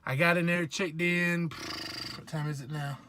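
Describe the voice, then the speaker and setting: A man's voice: fairly high pitch, fairly even intonation, moderate pace, noisy background. A man from South Georgia with a Southern accent, chatting casually and joking around in a rambling vlog from his truck. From South Georgia / North Florida, USA. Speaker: truck driver vlogger. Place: truck cab.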